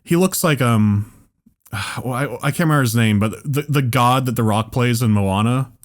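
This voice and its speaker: A man casually telling a long comedic story on a podcast, rambling with restarts and getting more excited as it goes. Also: medium pitch, moderate pace. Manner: rambling, restarts often, builds to excited animated retelling. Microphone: podcast microphone.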